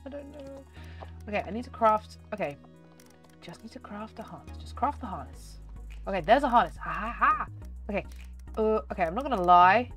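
A woman chatting excitedly through gameplay commentary, her voice nasal and slightly hoarse. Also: medium pitch, fairly quick, faint music behind. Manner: chatty and excitable, talking to viewers. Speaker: gaming channel host.

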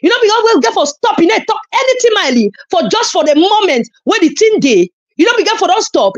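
A woman's voice: extremely high pitch, big pitch swings, fairly quick, hardly any pauses. A woman with a Nigerian Pidgin accent, scolding and insulting a rival in a heated online rant. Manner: scolding, insulting, loud emphatic outbursts. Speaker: social media commentator.

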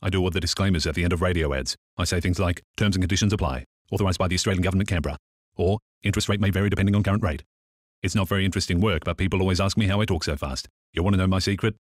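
An actor playing a fast-talking ad disclaimer announcer who rattles off his lines in a radio commercial. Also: low voice, dry recording, clean studio sound. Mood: eager. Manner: rapid-fire patter in an announcer's style. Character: man who voices fast ad disclaimers, hyped up. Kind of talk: radio ad acting.

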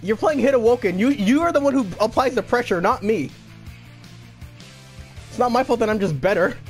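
A man's voice: very high-pitched, animated, a little fast. A young man giving live gameplay commentary, cockily trash-talking and taunting his opponent. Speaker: gaming channel host. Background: game music.

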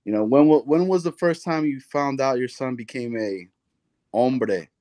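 A man's voice: mid-range voice, normal speed, warm tone, no echo. A man co-hosting, asking teasing, slangy questions and telling his own family story. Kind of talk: casual chat.

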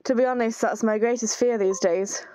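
A woman's voice: a little high, fairly even intonation, moderate pace, dark tone, no echo, lightly acted. A woman reading aloud the chat lines of an anxious, self-blaming young man who pleads not to be left. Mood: pleading. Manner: pleading, apologetic.

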